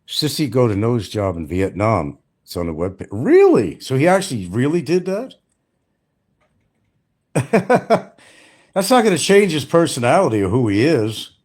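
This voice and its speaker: This older retired man's mid-range voice is sing-song and darkish in tone, and he speaks at a measured pace. He hosts a casual livestream where he rambles, curses freely, mocks people bluntly, and laughs often.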